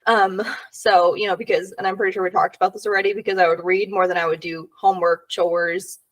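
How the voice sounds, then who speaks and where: A woman's voice: lowish voice, level tone, fast talker, recorded from a distance. A young woman co-hosting a podcast in casual chat, telling stories and laughing often. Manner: giggly storyteller, laughs often. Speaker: podcast co-host.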